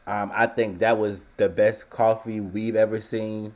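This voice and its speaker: Low-voiced man chatting as co-host. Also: measured pace. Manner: relaxed, chatty, full of opinions. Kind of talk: casual podcast chat.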